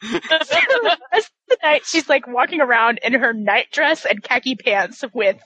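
High-voiced woman telling an animated story. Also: normal speed, poor audio. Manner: animated storyteller, laughs often. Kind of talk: casual chat.

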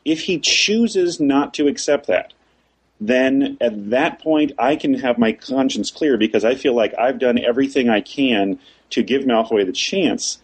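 A man's voice: medium pitch, a little slow, breathy edge, rough recording. A man co-hosting a casual discussion of a story, thinking aloud and often restarting his phrases. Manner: thoughtful, repeats and restarts phrases.

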